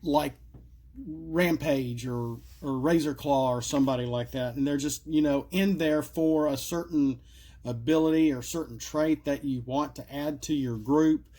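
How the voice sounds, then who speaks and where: A card game creator, middle-aged, walks through his homemade cards in a casual solo video, his fairly high voice warm and measured. He rambles, full of fillers and side remarks, and coughs or cracks his voice at times.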